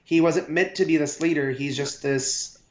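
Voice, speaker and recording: A man co-hosting a casual comic book review podcast, giving his opinions in a relaxed, agreeable way. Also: on the high side, normal speed. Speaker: podcast co-host. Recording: roomy, dull lo-fi sound.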